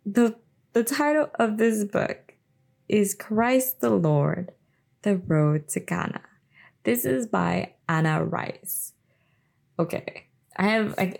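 A woman's voice: lowish voice, gravelly. A young woman reading a novel aloud late at night and chatting in between, casual and hesitant. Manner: chatty, hesitant, many fillers and laughs. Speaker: book reader and vlogger.

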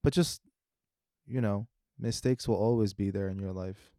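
A man's voice: fairly low pitch, moderate pace, dark tone, no room sound, clean studio sound. A man co-hosting a podcast, talking in a rambling, reflective way with many restarts. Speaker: podcast co-host. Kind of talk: casual chat.

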